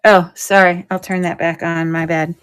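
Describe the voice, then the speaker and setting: A woman's voice: on the low side, little pitch movement, moderate pace, clear, resonant tone. A woman hosting a live jewelry sale in casual, rambling chat, thinking aloud as she shows each piece.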